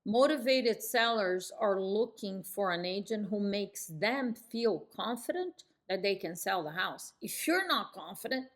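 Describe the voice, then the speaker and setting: A woman's voice: animated, measured pace, few pauses. Assertive woman coaching cold calling. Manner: emphatic, demonstrates phone tones with sudden high pitch jumps; speaks in firm downswings. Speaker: real estate sales coach. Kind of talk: coaching lesson to camera.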